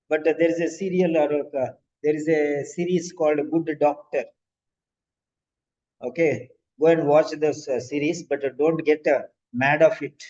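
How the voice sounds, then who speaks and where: A man's voice: a little high, steady tone, normal speed, a little mellow. A male language teacher who encourages and corrects students' sentences during an online exam-prep class. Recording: dull lo-fi audio.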